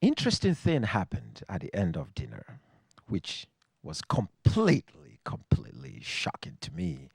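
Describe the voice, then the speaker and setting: A man from Nigeria with a Nigerian accent, telling a personal story on stage to a live audience in a reflective, wry way with dramatic pauses. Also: low voice, huge pitch swings, creaky, darkish tone, husky, no echo.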